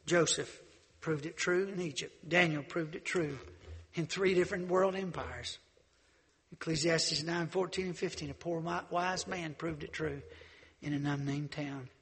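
A man preaching a sermon as pastor, swinging from loud exhortation to low asides and acting out Bible characters in quick dialogue. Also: husky, big-room sound.

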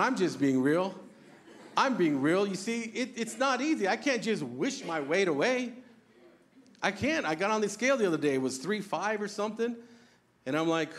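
A pastor preaching an earnest, conversational sermon, asking the congregation questions and joking about himself. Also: male voice, high voice, very animated, normal speed, fairly bright tone, a little hiss or hum. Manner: self-deprecating humor.

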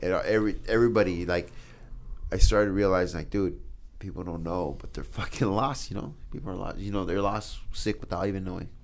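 A man's voice: low-pitched, fairly quick, creaky, a little hiss or hum. A man telling a personal story in casual chat, intense and emphatic, swearing often. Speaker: podcast guest.

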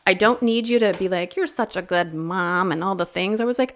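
A woman in her forties telling a personal story in casual podcast chat, rambling and animated, laughing often. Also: mid-range voice, fairly quick, hardly any pauses. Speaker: podcast regular.

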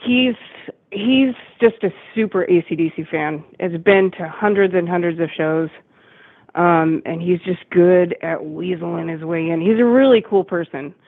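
Woman guest, chatty rambling storyteller, husky edge, dry tinny call-in line. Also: on the low side, moderate pace, dry recording. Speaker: guest, tribute band member. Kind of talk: casual interview chat.

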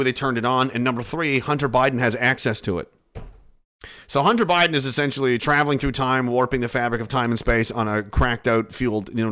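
A young man, from Canada, chatting casually to his chat with profane jokes and rambling stories. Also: medium pitch. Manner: profane, joking, animated storytelling with shouted bits. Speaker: streamer reading chat.

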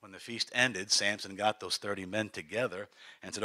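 A man's voice: on the low side, moderate pace. A man preaching, retelling a story dramatically and acting out the characters. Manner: animated, dramatic, acts out the characters. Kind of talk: sermon storytelling.

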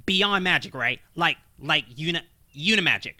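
A man's voice: on the high side, expressive, moderate pace, bright, forceful tone. A man voicing a sarcastic male goblin wizard who answers with dry, exasperated remarks in a comedy audio drama.

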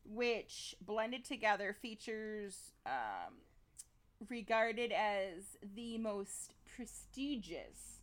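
A woman co-hosting a podcast, chatting casually and presenting a topic in an animated way. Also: medium pitch. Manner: animated, laughs easily. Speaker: podcast co-host.

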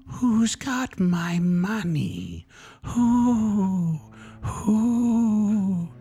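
A man voicing the wailing, blind ghost of a dead woman, crying out with high moaning calls. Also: big pitch swings, very slow, gravelly, mellow, breathy edge, faint music behind, full character voice.

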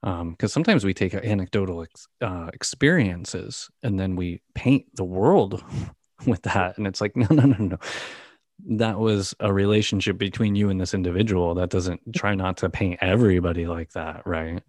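Deep voiced guy in his 40s, calm and thoughtful, really dry close sound. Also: no echo. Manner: thoughtful, measured, agreeable. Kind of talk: casual conversation.

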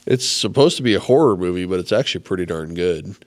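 A man's voice: deep voice, expressive, fast, dry recording. A man co-hosting a casual faith podcast, chatty and reading scripture aloud plainly. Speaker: podcast co-host.

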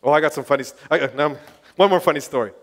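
A man preaching and telling testimony stories with passionate, excitable energy, now and then bursting into shouts. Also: a little high, rapid-fire. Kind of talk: sermon testimony storytelling.

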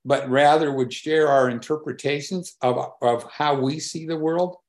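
A man in his seventies giving a reflective talk with personal stories, unhurried and thoughtful, often pausing to search for words. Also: a little high, steady tone. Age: 70s. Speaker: speaker on conversation and collaboration.

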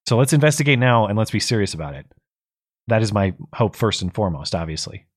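A man's voice: on the low side, animated, fast, breathy edge. A man co-hosts a casual talk show, his voice tired and going. He reads out viewer messages and comments on them, stumbling and restarting as he thinks aloud. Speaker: co-host.

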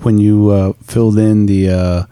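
A man's voice: lowish voice, level tone, unhurried, mellow, clean tone, no room sound. A man co-hosting a casual podcast chat, rambling, laughing often and swearing freely. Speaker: podcast co-host.

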